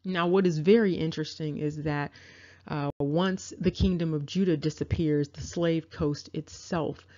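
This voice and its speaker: A woman giving a measured, explanatory lecture over a map, with frequent fillers. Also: deep voice, fairly even intonation, dark tone. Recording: dull lo-fi audio.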